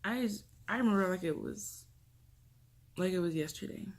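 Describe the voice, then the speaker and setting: A young woman vlogger telling a personal story to camera, emotional and halting, often trailing off softly. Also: on the low side. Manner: emotional, halting, with restarts and soft drops.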